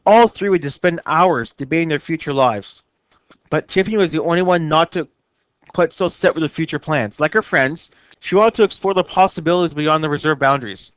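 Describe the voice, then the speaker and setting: A man's voice: fairly high pitch, normal speed, long pauses, no echo. Male teacher reading a novel aloud. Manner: steady read-aloud narration with small slips.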